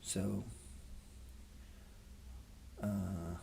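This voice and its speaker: A man's voice: low-pitched, flat delivery, very slow, creaky, dark tone, slight background noise. A man in his forties hosting a trading show, talking casually to viewers and telling stories in a laid-back, swearing manner.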